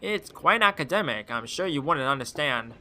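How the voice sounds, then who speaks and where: A man's voice: on the high side, animated, moderate pace, pushed and bright. A man voicing a haughty, condescending male scholar in a game. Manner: dismissive, condescending.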